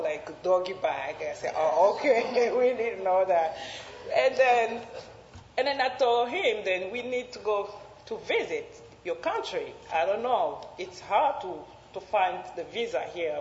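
A woman whose first language is French tells a personal story in an animated way, laughing and jumping up in pitch when she quotes others. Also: slight background noise. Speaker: interviewee. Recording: roomy, reverberant, slightly dull recording.

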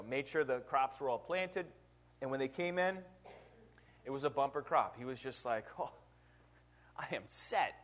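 Chatty preacher man, slightly high voice. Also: a bit bright. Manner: conversational, asks rhetorical questions, frequent "right?"; reads scripture aloud with emphasis. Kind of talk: informal Bible teaching.

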